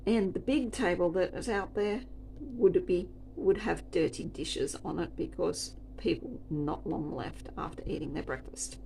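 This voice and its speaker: Woman server rambling through a story, wry and chatty, bit of gravel in her voice, faint hum behind. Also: lowish voice, a little slow, dark tone. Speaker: restaurant server. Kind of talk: casual storytelling chat.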